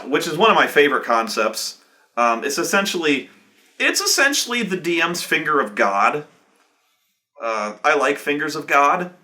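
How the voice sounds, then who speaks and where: A man in his thirties telling tabletop game stories in an excitable, profane way, acting out players with loud outbursts. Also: mid-range voice. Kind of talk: animated storytelling chat.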